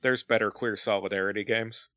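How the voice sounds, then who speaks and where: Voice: medium pitch, steady tone, brisk, a bit bright, no echo. A mid-range voice chats on a podcast with wry, dry humor and an easy pace. The sound is dry and close to the mic. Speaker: podcast co-host. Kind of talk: casual chat.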